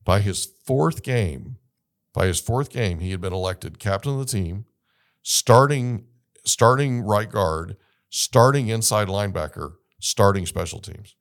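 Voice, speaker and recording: A middle-aged man hosting an interview, telling a lively story and acting out the dialogue. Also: on the low side, measured pace. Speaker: podcast host.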